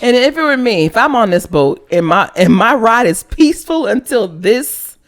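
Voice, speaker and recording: A woman's voice: on the high side, sing-song, moderate pace. A woman co-hosting a podcast in casual chat, reading a passage aloud and then riffing on it playfully. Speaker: podcast co-host.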